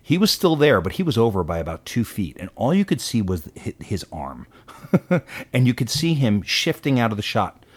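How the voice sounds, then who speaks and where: A man co-hosting a casual political talk show, opinionated and animated, with quick asides. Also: mid-range voice, husky. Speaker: podcast co-host.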